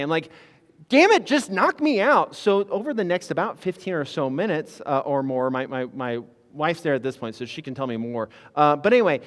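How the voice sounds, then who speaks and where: A man recounts a story with a lively, rising and falling voice that sits a little high for a man. He talks candidly and casually, with fillers and the odd curse. The sound has a long reverb tail. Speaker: physician assistant guest.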